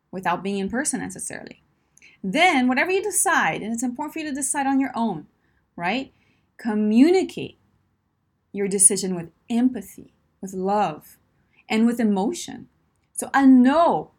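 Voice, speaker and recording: Emphatic woman coaching with "right?" tags. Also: on the high side. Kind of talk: direct-to-listener advice talk.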